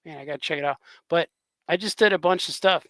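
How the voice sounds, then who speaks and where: A man's voice: fairly high pitch, quick pace, fairly bright tone, no room sound. A man, a cartoonist, chatting casually on a livestream, rambling and laughing often. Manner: rambling, laughs often, drops into grunting impressions. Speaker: cartoonist co-hosting a livestream chat. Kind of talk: casual chat.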